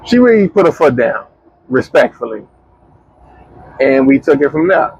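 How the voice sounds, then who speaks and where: A young man, chatting casually as a podcast co-host and telling a story with lively, slangy quoting. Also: medium pitch, moderate pace, gravelly, slightly rough, no room sound, dull audio. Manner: animated, slangy storyteller who acts out quotes.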